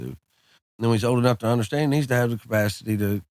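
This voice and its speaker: A man in his thirties, a guest on a podcast, telling relaxed anecdotes in casual chat. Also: medium pitch, rapid-fire, no room sound, clean studio sound. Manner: laid-back, drawling anecdotes peppered with "man" and "dude". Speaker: podcast guest, country singer.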